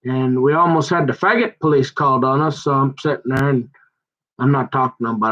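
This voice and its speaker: A man telling a long personal grievance in a rambling, halting way, often restarting his sentences and growing heated as he goes. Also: mid-range voice, dull audio. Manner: aggrieved, heated. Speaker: son recounting a family conflict.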